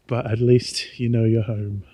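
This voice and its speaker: A tired middle-aged Australian vlogger rambles quietly and low-key while walking a small-town main street at night. The recording is dull and lo-fi, with slight background noise.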